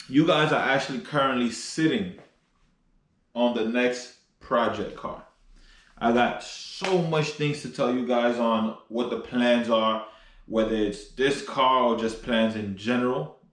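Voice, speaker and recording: A young man chatting casually to camera outdoors by his truck and garage, loose and rambling with fillers. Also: fairly low pitch. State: out of breath. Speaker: car vlogger. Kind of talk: casual vlog talk to camera.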